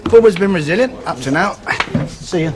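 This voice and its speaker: A man's voice: sits high, expressive, brisk, noisy background. An actor playing a rueful working man in a soap opera. He talks in a self-mocking, wry way.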